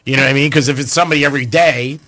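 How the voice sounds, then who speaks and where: A man's voice: medium pitch, steady tone, very fast, sharp tone, no room sound. A man co-hosting a radio show, reacting with exclamations and riffing in joking asides. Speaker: radio co-host. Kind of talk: casual radio banter.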